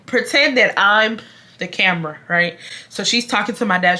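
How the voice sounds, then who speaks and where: A woman in her twenties from Houston, Texas, telling a casual storytime vlog in a dramatic way that swings from loud reenactment to quiet asides. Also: mid-range voice, moderate pace. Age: 20s. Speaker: storytime vlogger.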